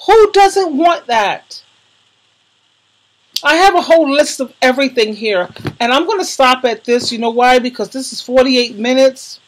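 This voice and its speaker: A woman vlogger speaks casually and effusively to her audience, emotional and full of slangy emphasis. Her voice is husky and sits a bit high. She calls her listeners darling. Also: fairly quick, hardly any pauses, rough recording. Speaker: YouTuber recommending videos to viewers. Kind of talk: casual vlog talk.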